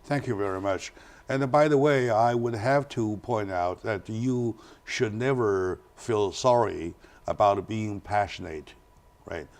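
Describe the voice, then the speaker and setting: A man hosting a studio talk show, introducing a guest and speaking in halting phrases with many restarts. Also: lowish voice, darkish tone.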